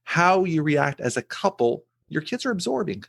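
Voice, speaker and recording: A middle-aged man hosting a podcast, telling a family story in an animated way with many restarts and repeated words. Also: on the high side, normal speed, vocal fry. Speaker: podcast host. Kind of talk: casual podcast conversation.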